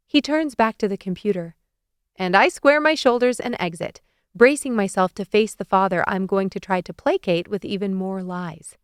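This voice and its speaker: A woman narrating a first-person audiobook with a lively, expressive reading on a close studio mic. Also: mid-range voice, normal speed, smooth, no echo.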